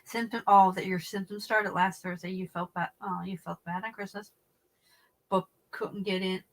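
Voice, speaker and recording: A middle-aged woman hosting a casual livestream, chatting with viewers and telling stories in an animated, blunt way with some swearing. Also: mid-range voice, normal speed, rough recording. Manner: chatty, reads and answers viewer comments. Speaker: livestream host.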